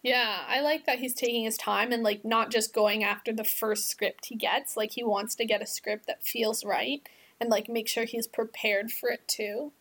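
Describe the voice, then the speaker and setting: Woman podcast co-host, higher pitch, relaxed rambling chat style. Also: moderate pace. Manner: chatty, many fillers. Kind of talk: casual chat.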